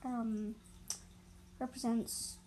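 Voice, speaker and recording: A woman's voice: a little high, flat delivery, drawn-out words, dark tone, a little hiss or hum, low-quality recording. A woman telling an improvised story about animals, hesitant and full of fillers and self-corrections.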